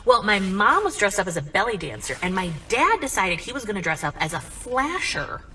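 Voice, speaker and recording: A young woman telling a comic family story in a chatty, animated way, full of "like" and asides. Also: medium pitch, fairly quick, recorded from a distance, slight background noise.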